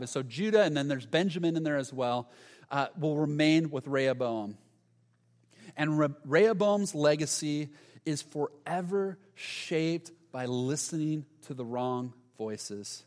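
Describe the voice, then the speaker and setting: Animated preacher in a reverberant hall. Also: male voice, a little high, a little slow. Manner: animated storytelling preacher, acts out quotes. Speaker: pastor. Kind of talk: sermon. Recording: long reverb of a large hall.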